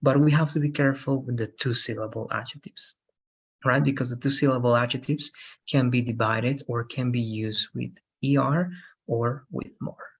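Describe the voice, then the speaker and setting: A man's voice: mid-range voice, fairly even intonation, normal speed, breathy edge, lo-fi sound. A man teaching an English grammar lesson online, checking in with "right?" after almost every sentence.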